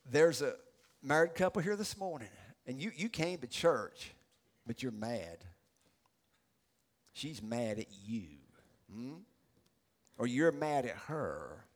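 A middle-aged pastor preaching a sermon, animated and acting out the characters he describes. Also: fairly high pitch. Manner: animated storytelling, acts out voices.

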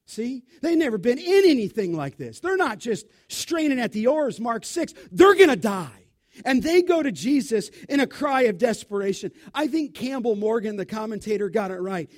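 Guy preaching, super high voice, animated and emphatic, chatty with lots of questions to the crowd. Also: moderate pace, few pauses. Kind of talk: sermon.

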